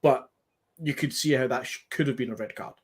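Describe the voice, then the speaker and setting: A man's voice: medium pitch, fairly quick, husky. A man with a Scottish accent, earnestly making his case about a match in casual podcast chat. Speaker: podcast co-host.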